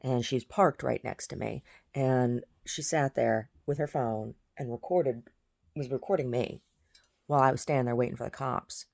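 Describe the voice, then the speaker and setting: Low-voiced woman in a profane rant. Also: normal speed, gravelly, a little mellow. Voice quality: blunt, profane, agitated. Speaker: vlogger. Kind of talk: casual vlog rant.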